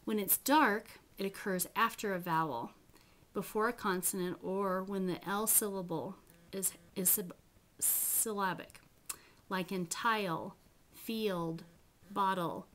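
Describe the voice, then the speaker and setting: A woman giving a classroom presentation on phonetics, who speaks slowly and carefully, sounds out example words and corrects herself as she goes. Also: mid-range voice, fairly even intonation, fairly bright tone.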